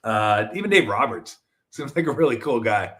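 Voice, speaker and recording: A middle-aged man from Southern California riffs through a casual solo sports talk show. He rambles and jokes, jumps to loud excited peaks, then drops to mumbled asides, his pitch swinging widely. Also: normal speed.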